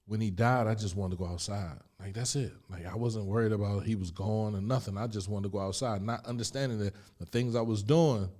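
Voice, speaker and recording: A middle-aged man from Chester, Pennsylvania, a guest telling his life story candidly, emphatic and animated, full of street slang. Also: lowish voice, fairly quick, few pauses.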